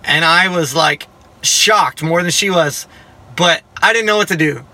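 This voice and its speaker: A man giving a personal Christian testimony, telling it in a lively way, acting out the dialogue and adding self-mocking jokes. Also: fairly high pitch, a little slow. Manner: humorous, self-mocking asides. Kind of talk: storytelling testimony to a listener.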